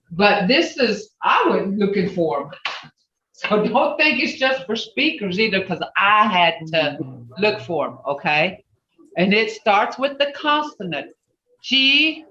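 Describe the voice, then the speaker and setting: A teacher speaks slowly and patiently, walking a class through a lesson step by step over a video call. The voice sits back from the mic in a roomy, echoing space, and the call audio sounds dull and muffled. Small slips get corrected out loud in passing. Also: medium pitch, far from the mic. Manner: slow, patient, explaining step by step; self-correcting, with asides. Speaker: language teacher.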